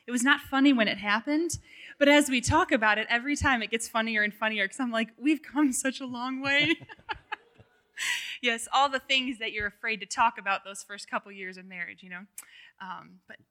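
A woman with a bright, fairly high voice speaks on a church stage. She is lighthearted and teasing, laughing easily as she jokes beside her husband. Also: brisk. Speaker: pastor's wife, guest speaker. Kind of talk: casual sermon banter.

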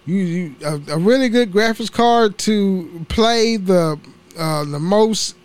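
A young man with a notably high voice talks through his solo podcast in loose, casual chat. He rambles from topic to topic, swears freely and laughs at his own slips of the tongue. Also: clean tone. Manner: rambling, profane, laughs at himself. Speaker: podcast host.

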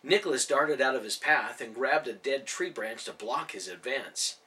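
A man's voice: mid-range voice, expressive, normal speed, bright, forceful tone, distant mic. A male storyteller animatedly reading a children's novel aloud, narrating each scene with expression.

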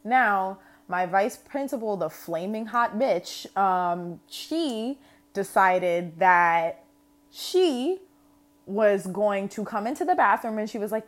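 A woman's voice: mid-range voice, lively intonation, slow pace. A woman with a New York accent telling a storytime vlog in a brash, casual way, full of slang and swearing. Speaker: vlogger.

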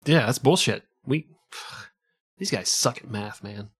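Male co-host, mid-pitched, quick jokey reactions, casual sarcasm. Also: lively intonation, breathy edge. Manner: laughing, joking asides and mock voices. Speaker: podcast co-host. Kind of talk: casual comedic podcast banter.

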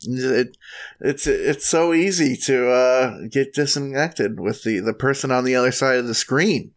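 A man's voice: medium pitch, a little slow. A man co-hosting a casual chat, rambling and chatty with frequent restarts.

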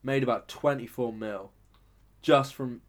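A young man, telling stories in casual chat, sweary and animated, acting out quotes loudly. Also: medium pitch, measured pace.

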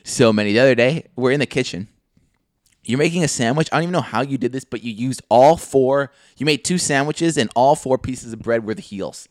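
A man's voice: medium pitch, fairly quick, dry recording. Young male co-host, loose and jokey, acts out quotes. Dry close sound. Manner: loose, laughing storyteller, swearing, acts out quotes. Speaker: podcast co-host. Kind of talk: casual chat.

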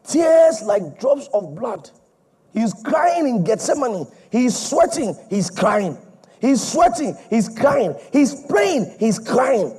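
A male preacher delivering an emphatic, repetitive sermon that swings between loud and soft. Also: very high-pitched, big pitch swings, slow pace, breathy edge.

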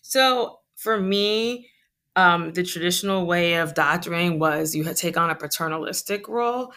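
A woman's voice: on the low side, normal speed, bright, forceful tone. A middle-aged woman, a physician guest, talking in a chatty, joking, conversational way. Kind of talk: conversational interview.

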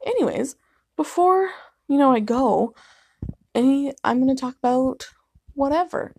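A woman's voice: sits high, animated, measured pace, gravelly, a little mellow, slightly rough. A young woman hosting a casual solo podcast from her living room late at night, sleepy and yawning, rambling and apologetic, laughing often. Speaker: podcast host.

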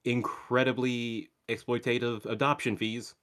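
A man co-hosting a podcast in casual chat, sardonic and casually profane, with halting restarts. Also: mid-range voice, flat delivery, a bit bright. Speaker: podcast co-host.

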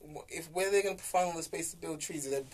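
A young man, co-hosting a casual, argumentative podcast chat full of slang and jokes. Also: on the high side. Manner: fast, argumentative, jokey with slang. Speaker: podcast co-host.

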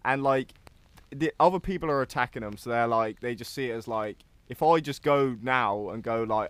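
A man's voice: medium pitch, fairly quick, a bit bright, clear, resonant tone, no room sound. A man co-hosting a casual podcast chat, full of fillers and casual swearing. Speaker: podcast co-host.

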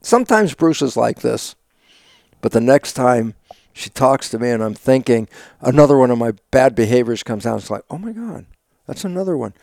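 An older man, an interview guest, telling stories with lively acted-out dialogue, sudden loud bursts and frequent laughs. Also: mid-range voice, moderate pace, vocal fry, dry recording, clean studio sound. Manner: laughs often while talking. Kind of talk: animated conversational storytelling.

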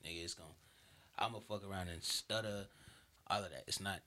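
A man's voice: low voice, a little fast. Laid-back young guy chatting. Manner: relaxed, keeps saying "you feel me", trails off. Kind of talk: casual chat.

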